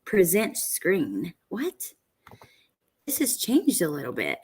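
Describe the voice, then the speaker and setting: A woman's voice: lowish voice, huge pitch swings, slow pace, a little mellow, husky. A woman hosting a casual livestream from home, chatting with viewers and greeting them by name, with lots of fillers. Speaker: true crime livestream host. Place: at home, indoors. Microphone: computer camera setup for a livestream.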